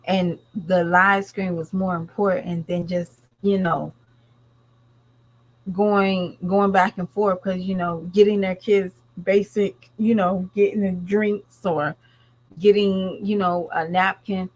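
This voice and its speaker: A woman's voice: mid-range voice, level tone, takes it slowly, muffled recording. A woman vlogger and mother talking straight to her viewers in a blunt, rambling, casual way. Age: adult parent. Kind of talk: casual commentary chat.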